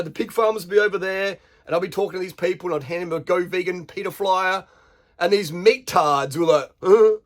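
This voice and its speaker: A man's voice: sits high, fairly bright tone. An Australian man ranting bluntly to camera, swearing freely and firing rhetorical questions at his viewers. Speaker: vlogger. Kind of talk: unscripted rant to camera.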